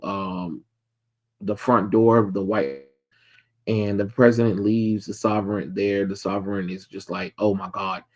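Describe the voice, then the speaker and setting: A man with a somewhat low voice walks through a comic book issue in a casual review. He rambles and fills gaps with ums. His asides are blunt and sarcastic. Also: darkish tone. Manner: rambling, many filler ums.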